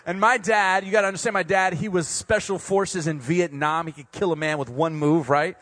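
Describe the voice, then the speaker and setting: During a sermon, a man tells a funny, self-deprecating story about himself, animated and laughing along at his own jokes. His voice sits high, at normal speed, in a dry recording.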